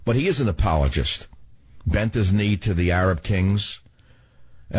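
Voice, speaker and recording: A man's voice: on the low side, darkish tone, breathy edge, dry recording. A man hosting a talk radio show, delivering a combative, ranting monologue full of rhetorical questions.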